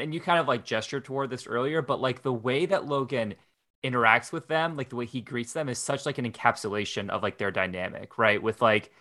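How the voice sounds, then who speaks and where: A man's voice: medium pitch, sharp tone. A man guesting on a podcast, talking casually and eagerly, with many fillers. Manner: eager, peppered with "like". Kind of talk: casual chat.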